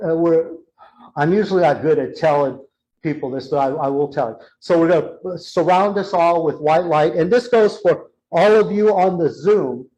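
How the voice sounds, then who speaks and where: A man presenting a live workshop talk in a church hall, telling a story in an animated way and acting out what people said. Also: fairly high pitch. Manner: animated retelling, acting out quotes. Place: church hall, with an in-person audience.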